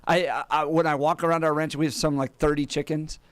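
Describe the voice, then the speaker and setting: A man's voice: fairly high pitch, little pitch movement, quick pace, no room sound. A man co-hosting talk radio, chatting easily with light laughs. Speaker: radio co-host. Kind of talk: casual talk radio banter.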